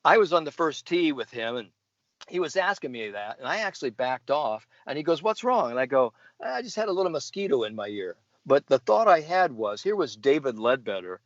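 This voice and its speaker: A man's voice: medium pitch, dry recording. An older man, a golf sports psychologist, telling stories in an interview, keen and full of fillers and restarts. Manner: enthusiastic storyteller, many fillers and restarts. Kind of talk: interview storytelling. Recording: dull lo-fi dry recording.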